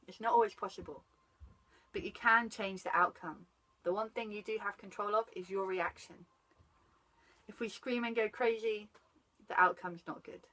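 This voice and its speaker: Animated mum chatting about parenting. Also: female voice, medium pitch, moderate pace, low-quality recording. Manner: animated, greets passers-by mid-talk. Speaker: parenting guest. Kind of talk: casual chat about parenting.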